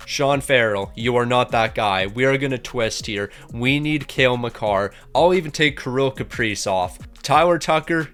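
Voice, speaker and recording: Young man, gaming commentary, energetic, jokey, mid-pitched, casual. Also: smooth. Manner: energetic, joking, talks to the players directly. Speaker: gaming YouTuber.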